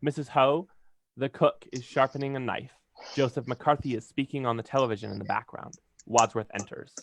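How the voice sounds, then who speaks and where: A man's voice: mid-range voice, fairly even intonation, brisk, gravelly, fairly bright tone, dry recording. Man reading stage directions in a dry room. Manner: plain, occasionally stumbling and laughing.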